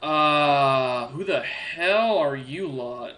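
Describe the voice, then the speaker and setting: A man plays a cocky commander in a tabletop game. The commander talks in a brash, offhand way. The voice sits a little high and sounds bright and forceful. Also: animated, drawn-out words, heavily acted. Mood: brusque. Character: cocky, well-groomed male commander.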